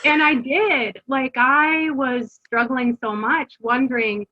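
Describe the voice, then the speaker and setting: Middle-aged woman, slightly high voice, candid storytelling, earnest, fillers and restarts, muffled lo-fi sound. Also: fairly even intonation, takes it slowly. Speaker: guest, homeschooling mother.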